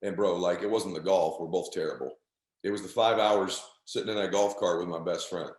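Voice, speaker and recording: A man's voice: low voice, a little fast, a little mellow, echoey room. A middle-aged man telling an emotional story as a motivational speaker, intense and emphatic. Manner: intense, emphatic, calls listener "bro".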